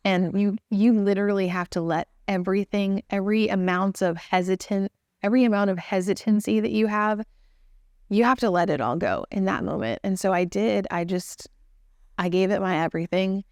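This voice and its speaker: A woman's voice: medium pitch, fairly quick, darkish tone, smooth, dry recording, studio quality. A young woman with a Texan accent telling her own story in a casual, earnest, chatty way with fillers. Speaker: new mother telling her birth story.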